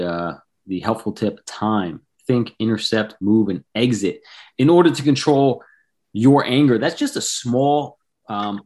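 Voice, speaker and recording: A male podcast host with a fairly low voice speaks casually, recapping his guest's points and then pitching his coaching program and the book. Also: a little mellow.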